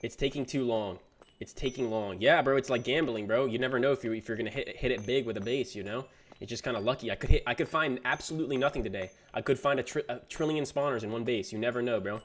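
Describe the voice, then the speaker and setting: A man's voice: medium pitch, fast. A young man chatting casually on a gaming livestream, reading chat messages aloud and answering them in a laid-back, slangy way. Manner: slangy, says "bro" often. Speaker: gaming streamer.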